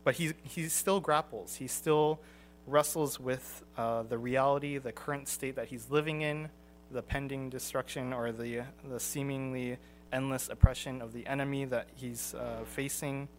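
Man teaching a Bible class, halting delivery. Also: medium pitch, steady tone, a little hiss or hum. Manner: conversational, frequent ums and restarts.

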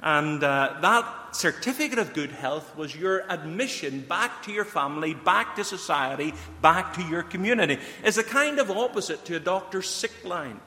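A man's voice: a little high, expressive, moderate pace, hardly any pauses, sharp tone. A man preaching a sermon, earnestly putting questions straight to his listeners. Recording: long hall reverb.

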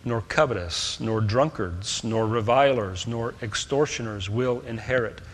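A man preaching a sermon, swinging between loud, stressed points and quiet asides. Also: mid-range voice, a little slow, long reverb tail.

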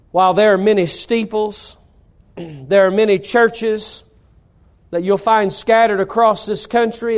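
High-voiced man preaching a sermon. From North Carolina. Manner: preaching with rising emphasis. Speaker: pastor.

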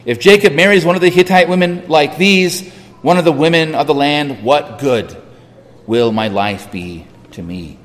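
A man's voice: on the high side, moderate pace, natural voice. A man voicing a scheming mother who gives urgent, pressing instructions, heard with a long hall reverb. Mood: distressed.

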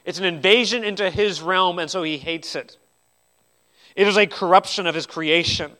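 A man preaching a sermon in an earnest style, swinging between loud, emphatic lines and quiet ones, and repeating words as he restarts. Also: fairly high pitch. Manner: earnest preaching with sweeping rises and drops in loudness. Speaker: pastor.

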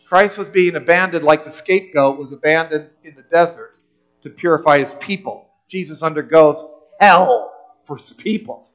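Male pastor with a high voice, earnest sermon delivery. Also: measured pace, a bit bright, poor audio. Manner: earnest preaching, repeats words when restarting.

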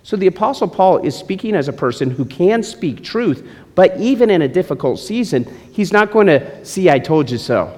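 A man's voice: high voice, big pitch swings, normal speed, a little mellow. A male pastor preaching a sermon, teasing and joking with his congregation between points. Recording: long hall reverb.

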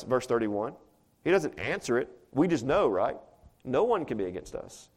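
A man's voice: mid-range voice, very animated, moderate pace, darkish tone. A man preaching a sermon to a congregation in a chatty, conversational way, often asking rhetorical questions. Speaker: pastor. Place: church before a congregation.

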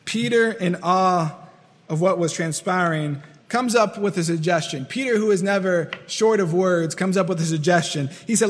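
Guy preaching, high voice, earnest and repetitive, hall echo around him. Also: normal speed. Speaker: pastor. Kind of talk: sermon.

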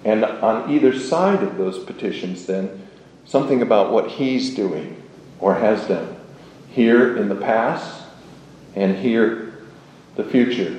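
A man teaches a class in a slow, unhurried lecture, working through the material with measured pauses. His voice sits low and mellow. The classroom rings with echo, and a faint hum of room noise lies underneath. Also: animated. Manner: measured, deliberate, with pauses and fillers.

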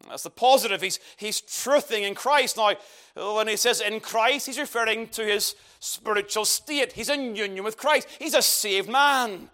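A man's voice: extremely high pitch, a bit bright. A man preaching an expository sermon, emphatic and asking rhetorical questions.

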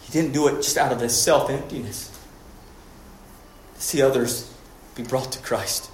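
A man's voice: medium pitch, moderate pace, slight background noise. Man preaching a sermon in an echoey room. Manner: preaching with rising emphatic peaks and quiet drops. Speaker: pastor.

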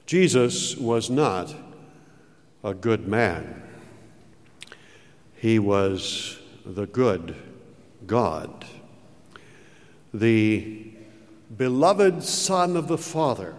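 Slow, emphatic preacher man in a reverberant hall. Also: very animated. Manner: slow, emphatic preaching with dramatic pitch swings. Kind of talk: sermon.

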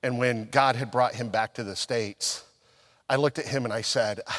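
A man's voice: mid-range voice, moderate pace, fairly bright tone. Man preaching with a long hall echo. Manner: storytelling, acting out his own past conversations. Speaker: pastor. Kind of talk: sermon.

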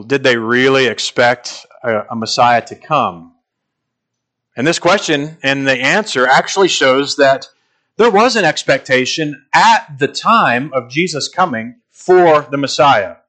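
Bright, forceful male preacher. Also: mid-range voice. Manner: emphatic, slows down to stress key phrases. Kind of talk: expository sermon.

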